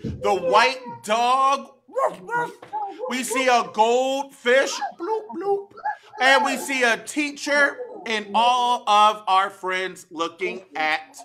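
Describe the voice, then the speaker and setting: A woman's voice: fairly high pitch, slow, crowd noise. A woman leading an interactive children's storytime in a library, in a sing-song call-and-response manner that coaxes the children to join in. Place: public library storytime room.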